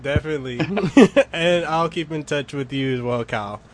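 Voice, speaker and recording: A man hosting a podcast, upbeat and quick to laugh with his guests. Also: on the high side. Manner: giggly, upbeat. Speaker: podcast host. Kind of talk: casual chat.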